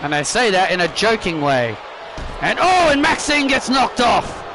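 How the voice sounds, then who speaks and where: A man commentating his own wrestling video game matches with excitable play-by-play, often restarting his sentences and shouting at the big moves. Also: sits high, moderate pace, noisy background. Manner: frequent restarts and self-corrections, bursts of shouting at big moves.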